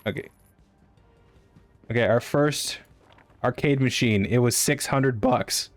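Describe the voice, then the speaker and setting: A man streaming a game, chatting casually with his chat, excitable and swearing loosely. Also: mid-range voice, takes it slowly, no room sound, soft background music. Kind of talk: casual live-stream chat over gameplay.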